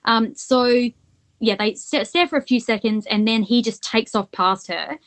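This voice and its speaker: A woman's voice: on the high side, unhurried, a bit bright. A woman co-hosting a podcast, retelling a case at length in casual chat and thinking aloud as she goes. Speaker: podcast co-host. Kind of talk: casual true-crime chat.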